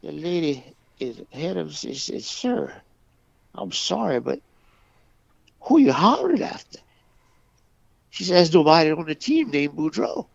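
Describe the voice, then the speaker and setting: A man co-hosting a talk radio show, telling jokes in a folksy, drawn-out way and voicing the characters' dialogue. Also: fairly high pitch, big pitch swings, creaky, no echo. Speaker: radio co-host. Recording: dull, lo-fi dry radio recording.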